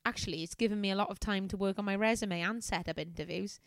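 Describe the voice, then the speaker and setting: A woman's voice: mid-range voice, fast talker, no room sound, close to an everyday voice. Lonely office temp woman, read by a woman. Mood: bright. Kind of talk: comedic reading aloud of a novel.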